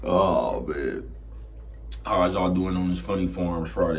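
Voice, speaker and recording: With slight background noise behind him, this low-voiced man speaks at a normal speed and sounds animated. He's a vlogger ranting to camera in an easygoing, street-smart manner, repeatedly asking "you know what I'm talking about," until he turns loud and heated.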